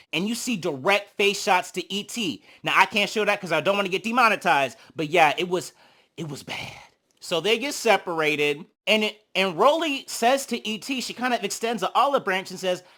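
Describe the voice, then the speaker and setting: Young reality recap host, sassy and profane, bright tone, mid pitch. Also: animated, normal speed. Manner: sassy, gossipy, swears a lot, acts out quotes; big swings in pitch and loudness when reacting. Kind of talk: casual commentary.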